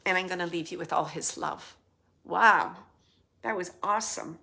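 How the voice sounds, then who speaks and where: A woman working as a psychic medium, relaying messages during a live reading, often dropping to a soft murmur or whisper. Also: fairly low pitch, moderate pace, creaky.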